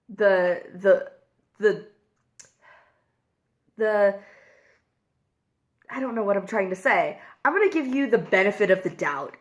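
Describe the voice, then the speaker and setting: Young woman vlogger, slow and candid, emotional storytelling with lots of fillers. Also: mid-range voice. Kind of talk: casual confessional vlog while eating.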